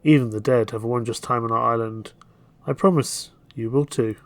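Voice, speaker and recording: A man's voice: medium pitch, fairly even intonation, normal speed, dry recording, natural voice. A man voicing a sly talking ocean. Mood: sly teasing. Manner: smooth, mock-polite, insinuating.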